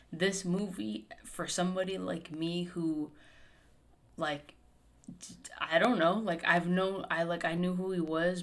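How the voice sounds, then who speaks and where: A woman's voice: fairly low pitch, a bit bright. A young adult woman hosting a podcast in casual chat, emphatic, swearing often and full of fillers. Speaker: podcast host.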